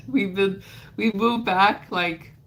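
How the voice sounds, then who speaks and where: A woman's voice: mid-range voice, fairly even intonation, very slow, a bit bright, a little hiss or hum. A woman hosting a crochet livestream, chatting casually in a rambling way and greeting viewers by name, her voice stuffed up and nasal.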